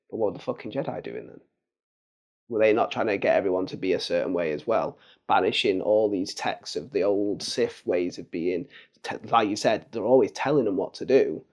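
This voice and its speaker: Lower-voiced man hosting a podcast. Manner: animated, slangy and conversational. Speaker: podcast host. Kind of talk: casual spiritual discussion.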